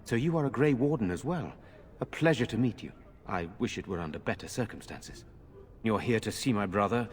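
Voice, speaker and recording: An actor playing an earnest nobleman in a video game, speaking in a formal, measured way. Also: on the low side, lively intonation, lightly acted. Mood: grave. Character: grave noble lord, older brother, earnest man. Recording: long reverb.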